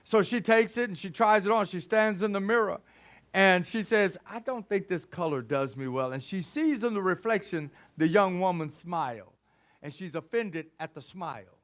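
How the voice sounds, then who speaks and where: A man preaching a sermon, retelling a story and acting out each character's lines with lively shifts in loudness. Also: sits high, moderate pace. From Texas. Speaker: pastor.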